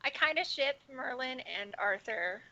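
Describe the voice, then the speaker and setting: A woman chatting on a podcast with excitable, giggly interjections. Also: sits high, unhurried, lo-fi sound. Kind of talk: casual chat.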